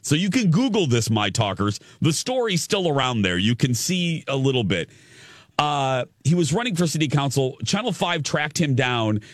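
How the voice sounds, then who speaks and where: Animated man telling a story on air. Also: medium pitch, normal speed, no room sound, studio quality. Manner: animated storytelling with playful asides. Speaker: radio show co-host. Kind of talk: casual morning show chat.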